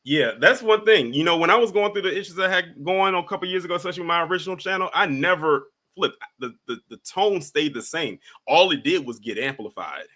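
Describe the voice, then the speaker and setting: A man hosting a casual live call-in stream, talking with a bright, forceful tone. He is laid-back and repeats himself as he brings callers up one at a time. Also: a little high, animated, a little fast, hardly any pauses. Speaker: livestream host.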